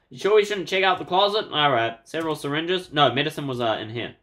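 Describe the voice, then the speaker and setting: A man playing through a horror game, giving casual, wry commentary and clearing his throat now and then. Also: fairly high pitch, animated, quick pace, hardly any pauses, fairly bright tone. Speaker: game player. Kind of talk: let's play commentary.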